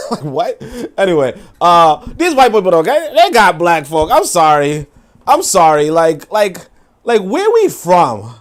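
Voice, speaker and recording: A young adult man hosting a casual live-stream, reading viewer comments and riffing with profane, animated storytelling and mocking quoted voices. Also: on the high side. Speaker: livestream commentary host.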